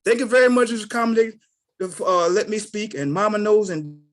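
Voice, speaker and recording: Older man, storyteller type, big swings from mumbly to shouty, folksy. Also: normal speed. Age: 60s. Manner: animated, swings between low mutters and loud outbursts. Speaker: call participant sharing a story. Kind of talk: casual storytelling.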